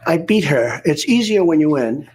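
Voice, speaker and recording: A man's voice: on the high side, lively intonation, normal speed, a little mellow, breathy edge. An older man answering in a TV interview clip, rambling and repeating himself. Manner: rambling, repetitive, digressive.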